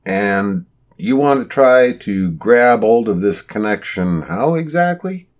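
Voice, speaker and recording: A man's voice: fairly low pitch, expressive, takes it slowly. A man voicing Joseph, a baffled male companion with a dry, bemused manner. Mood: doubtful.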